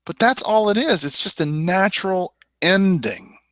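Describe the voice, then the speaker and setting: A man teaching sales in a webinar, with a slightly high, very lively voice that swings widely in pitch. His tone is bright and punchy, and he talks straight at the listener with rhetorical questions. The sound is close and dry. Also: unhurried, no room sound. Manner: emphatic, persuasive, repeats "I mean" and "you know". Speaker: real estate sales trainer.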